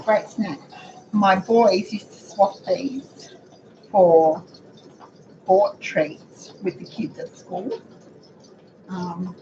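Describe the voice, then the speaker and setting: A middle-aged woman with a croaky voice, chatting to viewers while she cooks in her home kitchen. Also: mid-range voice, very slow, pauses often, dark tone. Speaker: cooking show host. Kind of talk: casual cooking demonstration. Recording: dull lo-fi audio with background noise.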